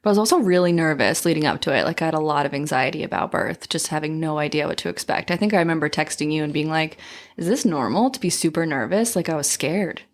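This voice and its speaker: A woman, a new mother, guesting on a podcast and speaking candidly in a soft, trailing way. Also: low-pitched, quick pace. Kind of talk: casual conversation.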